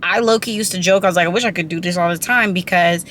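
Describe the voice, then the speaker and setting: Young woman, casual vlog storytelling, animated and chatty, bright forceful voice, slightly low pitch, faint background hiss. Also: quick pace. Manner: animated, chatty, acts out her own reactions. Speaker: vlogger.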